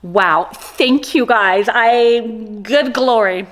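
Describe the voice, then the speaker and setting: Woman opening gifts on her vlog, excited, jokey, kinda high voice. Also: a little slow. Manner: gushing and playful, jokes and exclamations. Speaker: vlogger. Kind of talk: casual unboxing vlog.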